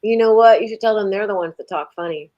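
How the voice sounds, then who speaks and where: A woman's voice: mid-range voice, quick pace, lo-fi sound. A woman co-hosting a casual livestream chat, joking and teasing. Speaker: livestream co-host.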